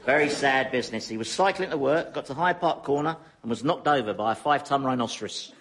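A man's voice: mid-range voice, fast talker, noisy background. A man who plays a blustering, bossy newspaper editor in a sitcom. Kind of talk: sitcom acting.

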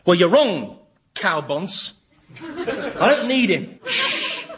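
A man's voice: sits high, wildly swooping pitch, drawn-out words, noisy background, heavily acted. An actor playing a bumbling, nervous male demon servant who shape-shifts, in a radio comedy. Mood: defiant. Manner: nervous, giggly, fawning.

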